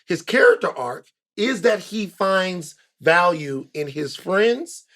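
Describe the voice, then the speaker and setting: A man co-hosting a movie podcast, explaining his points at length with excitement. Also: high-pitched, slow pace. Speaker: podcast co-host. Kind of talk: casual movie podcast chat.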